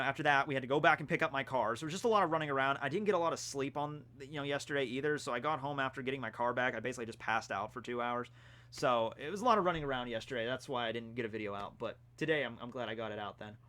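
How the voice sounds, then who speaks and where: Young guy rambling thru stream questions, bright forceful voice, laid back. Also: medium pitch, racing. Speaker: streamer answering chat questions. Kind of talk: casual live-stream chat.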